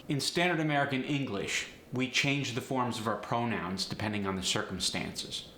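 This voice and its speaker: A man teaching as a dialect coach, explaining pronunciation deliberately and speaking directly to viewers. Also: mid-range voice, pushed and bright. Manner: slow, deliberate demonstration of pronunciations; direct, encouraging address to viewers. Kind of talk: instructional video narration. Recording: echoey room with faint noise.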